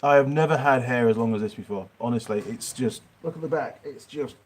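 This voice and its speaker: A man's voice: medium pitch, brisk, a little mellow. A middle-aged man with a Yorkshire accent, hosting a rambling livestream Q&A from his workshop. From Yorkshire, England. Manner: chatty, rambling, answers viewer questions. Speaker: mechanic channel host. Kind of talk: livestream Q&A chat.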